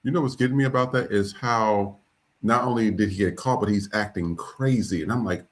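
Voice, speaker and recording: A man's voice: lowish voice, brisk. A man co-hosting a podcast, chiming in animatedly and profanely. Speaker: podcast co-host. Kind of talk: casual podcast chat.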